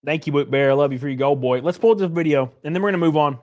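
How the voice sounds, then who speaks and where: A man's voice: fairly high pitch, steady tone, rapid-fire, a little mellow. A man hosting a live stream, ranting bluntly and profanely and reading chat messages aloud. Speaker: streamer host. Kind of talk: casual live-stream reaction rant.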